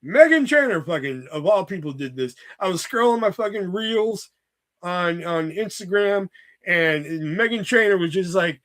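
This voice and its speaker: A man's voice: high voice, expressive, normal speed, fairly bright tone. A man streaming live, rambling in a casual, exasperated rant full of swearing. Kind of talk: casual profane livestream rant.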